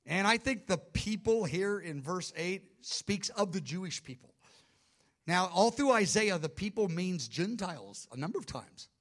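A man preaching a sermon in an energetic, conversational teaching manner with emphatic bursts. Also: sits high, unhurried.

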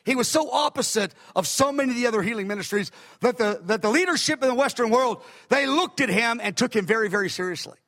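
An older man preaching in a very high, lively voice that swoops up and down as he tells his stories. His tone is bright and forceful, with animated emphasis. The sound rings with a long hall echo. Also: fast, few pauses. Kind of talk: sermon. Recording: echoey hall.

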